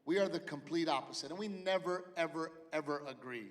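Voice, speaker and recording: A man's voice: a little high, brisk. A middle-aged man doing stand-up comedy in a theater with brash, profane storytelling and acted-out quotes. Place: large theater stage with a live audience. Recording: live hall reverb, audience noise.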